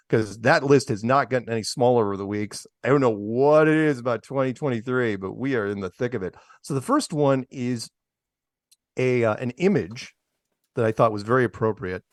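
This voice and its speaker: A man's voice: medium pitch, no echo, clean studio sound. A man hosting a casual talk show, reading out news items and mocking them with sarcastic asides and chuckles. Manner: sarcastic, mocking, laughs at his own jokes. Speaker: podcast host. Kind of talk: casual chat show commentary.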